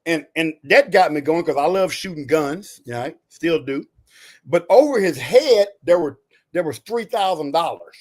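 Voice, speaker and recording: A man in his sixties from Texas tells stories from his military career as a podcast guest. His voice sits fairly high for a man and is animated and folksy, with lots of "you know" and "right?". He is a retired soldier talking to an interviewer. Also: moderate pace.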